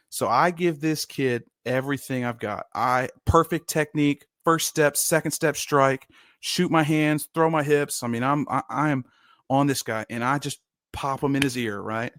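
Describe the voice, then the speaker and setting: A man in his thirties co-hosting a sports podcast, telling football stories in a casual, animated way and laughing often. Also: medium pitch, no echo, studio quality. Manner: animated storyteller, shouts quoted lines, laughs often. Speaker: podcast co-host, former lineman. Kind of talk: casual storytelling chat.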